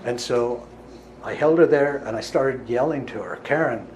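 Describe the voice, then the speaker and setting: A man of middle pitch recounts a healing session in an earnest storyteller's voice. He now and then rises to forceful emphasis. A faint hum of noise sits behind him. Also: moderate pace, low-quality recording. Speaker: healer giving a talk. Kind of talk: storytelling talk to an audience.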